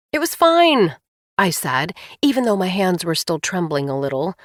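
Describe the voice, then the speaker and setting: Woman narrating a novel, expressive and wry, dead dry studio sound. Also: fairly low pitch, dry recording. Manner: expressive first-person reading, wry. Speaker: audiobook narrator. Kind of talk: scripted audiobook narration.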